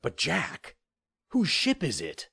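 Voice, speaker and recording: A man's voice: a little high, huge pitch swings, slow, gravelly, sharp tone, slightly rough, no room sound, clean studio sound, voice pushed up, exaggerated voice. A man voicing a bewildered, nervous father in an audiobook, sounding astonished and unsure. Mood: awed, nervous. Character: bewildered middle-aged father. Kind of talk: audiobook character voice.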